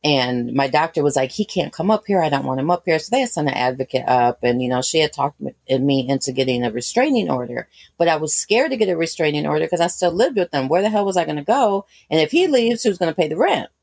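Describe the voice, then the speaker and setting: A woman in her thirties recounts a painful personal story in a long, rambling, candid way, full of fillers and restarts. Her voice sits very low. The recording is dry and close, with no room sound. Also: expressive, fast talker, gravelly, few pauses, a little mellow, dry recording. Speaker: guest.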